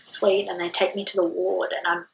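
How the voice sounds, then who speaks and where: Animated woman telling a birth story. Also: lowish voice, creaky, slight background noise, low-quality recording. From Australia. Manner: animated, fast storytelling with many "like" fillers. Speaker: podcast guest. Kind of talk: casual storytelling.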